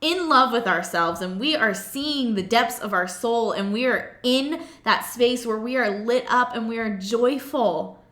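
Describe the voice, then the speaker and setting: Woman coach, animated and playful, bright voice, slightly high, roomy echo. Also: unhurried. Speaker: self-love coach. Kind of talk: motivational talk to camera.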